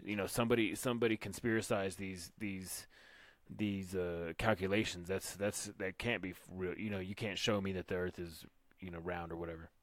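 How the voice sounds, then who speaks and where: A Texan man with a lowish voice hosting a casual podcast. He rambles and stumbles through restarts, and the dry, close recording has no room sound. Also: fairly even intonation, no room sound. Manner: rambling, repeats himself, halting restarts. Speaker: podcast co-host. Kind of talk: casual chat.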